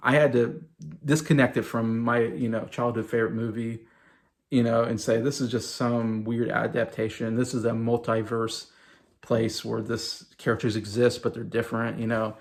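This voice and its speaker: A man's voice: mid-range voice, little pitch movement, moderate pace. A man hosting his own video, rambling through an exasperated casual movie review with mocking asides. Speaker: video host.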